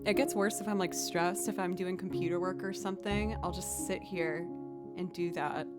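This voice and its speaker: A woman's voice: on the low side, fairly even intonation, moderate pace, over loud music. A young woman streaming, chatting casually with viewers in a rambling way, with lots of "like" and "um".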